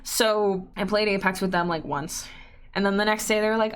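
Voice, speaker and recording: A woman's voice: mid-range voice, fairly quick. A young woman hosting a casual solo podcast, rambling and self-deprecating as she acts out bits of her own inner dialogue. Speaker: podcast host.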